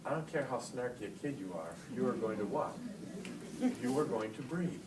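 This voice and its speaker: A middle-aged man giving a live talk to teachers and parents, telling stories in an animated way and getting loud for punch lines. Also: mid-range voice, normal speed. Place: large hall with audience. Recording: echoey hall, distant mic, noisy.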